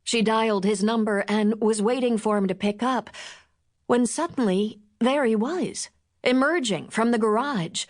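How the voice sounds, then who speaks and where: A woman narrating a novel in measured, expressive storytelling. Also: fairly high pitch. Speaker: audiobook narrator. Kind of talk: scripted audiobook narration.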